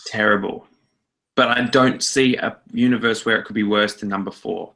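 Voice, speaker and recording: A man's voice: on the low side, fairly even intonation, brisk, gravelly, sharp tone. An Australian man co-hosting a film podcast, rambling casually with hedges and dry jokes. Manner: rambling, hedging, dry joking. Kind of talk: casual chat.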